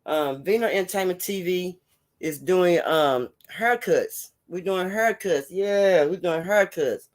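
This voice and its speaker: A high-pitched man, chatting casually to viewers on a livestream. He is lively and repeats himself, laughs a lot and drops catchphrases into his talk, and the sound comes through a phone or webcam mic. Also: unhurried. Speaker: livestream host.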